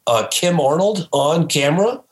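A man who is a filmmaker guest on a podcast, telling stories emphatically and breaking into excited shouts. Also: a little high, moderate pace, roomy sound, rough recording. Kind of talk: animated storytelling in a podcast interview.

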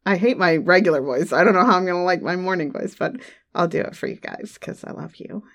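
Speaking quickly in a lowish, slightly bright voice, this woman chats and giggles through a monthly update for her listeners. She's an adult audio creator on a home studio microphone, sniffling a little from a runny nose, and her sentences trail off with fillers.

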